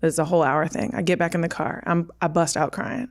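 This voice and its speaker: A woman's voice: on the low side, flat delivery, a little fast. A woman in her thirties, a podcast guest, telling a personal story vividly and acting out the dialogue she quotes.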